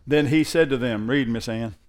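A man's voice: medium pitch, normal speed. A male pastor preaching to a congregation, conversational at first and building in force. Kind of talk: sermon.

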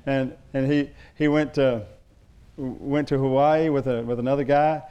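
A man's voice: medium pitch, fairly even intonation, unhurried, dark tone, clean tone, muffled recording. A middle-aged male pastor preaching a sermon, telling stories in a loose, rambling way with restarts.

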